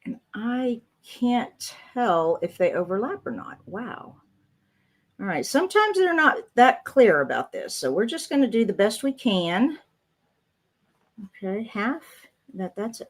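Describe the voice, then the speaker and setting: A woman, chatting loosely as she talks through a craft project on a live stream. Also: mid-range voice. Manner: chatty, rambling, thinks aloud while working. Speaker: crafting channel host.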